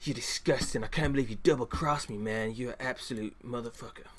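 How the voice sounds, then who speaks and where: A man's voice: medium pitch, a little fast, a bit bright, lightly acted. A man voicing an angry, betrayed woman who curses indignantly, barely changing his own voice. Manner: indignant, swearing.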